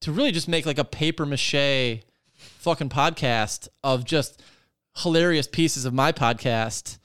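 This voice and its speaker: A man's voice: a little high, measured pace, clear, resonant tone, no echo, clean studio sound. A man hosting a podcast, ranting in casual chat with lots of swearing and filler words. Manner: profane, rambling, animated ranting with many fillers. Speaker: podcast host.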